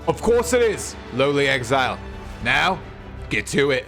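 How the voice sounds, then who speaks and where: A man voicing Zeus as a haughty, bossy male god in a put-on Cockney accent, with slow, commanding proclamations. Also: medium pitch, very animated, a bit bright, faint music behind. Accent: Cockney, put on badly.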